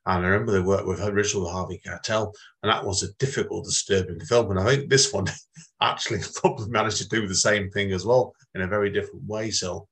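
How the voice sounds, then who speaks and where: Man, fairly low voice, rambling interviewer, repeats himself. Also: steady tone, fast, fairly bright tone. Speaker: podcast host.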